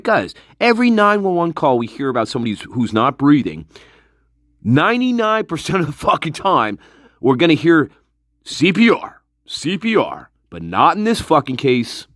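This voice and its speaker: A man ranting on a livestream, firing off profane rhetorical questions with a lively, swooping pitch. His voice is recorded close and dry, with no room sound around it. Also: dry recording. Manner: greets chat viewers by name. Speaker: livestream host. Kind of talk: casual livestream rant.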